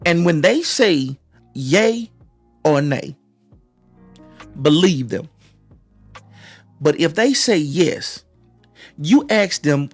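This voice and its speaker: A man's voice: fairly high pitch, sing-song, takes it slowly, long pauses, faint music behind. Preachy man talking on a live stream. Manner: preachy, repeats phrases, many restarts. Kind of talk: motivational live-stream talk.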